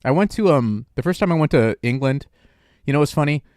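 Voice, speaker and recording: A man's voice: on the high side, expressive, a little fast, darkish tone, no room sound, clean studio sound. Rambling jokey male streamer. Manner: rambling, jokey, lots of filler. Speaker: streamer host taking calls. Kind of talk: casual chat.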